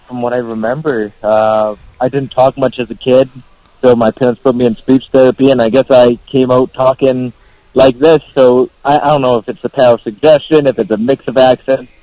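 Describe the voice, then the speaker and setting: A man with a Canadian accent answers interview questions in a laid-back way, often repeating words. His voice is mellow and warm. The sound is dry. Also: medium pitch, no room sound, low-quality recording. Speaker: guest fighter.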